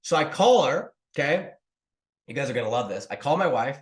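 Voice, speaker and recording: A man in his thirties, an online business coach, telling a story to viewers in a lively, casual way. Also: mid-range voice, fairly quick. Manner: animated, talks to viewers as "dude" and "guys". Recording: roomy echo.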